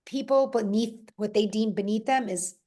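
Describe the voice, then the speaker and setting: A woman from Rhode Island talking casually on a podcast, telling stories with lively restarts. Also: fairly high pitch, moderate pace. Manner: animated storytelling, frequent restarts and laughs. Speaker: podcast guest or co-host. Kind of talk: casual conversational podcast talk.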